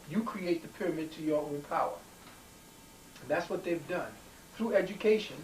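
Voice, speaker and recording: A man's voice: on the high side, a little mellow. A man lecturing to a live audience in an emphatic, digressive way, restarting his sentences often. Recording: echoey room, distant mic, faint hiss.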